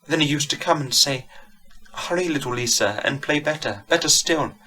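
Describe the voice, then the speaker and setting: A man voicing a small, lonely young woman organist with a soft put-on Italian accent, in a vintage horror storybook reading. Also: on the high side, animated, moderate pace, pitched above the performer's own voice, poor audio. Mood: soft wistful.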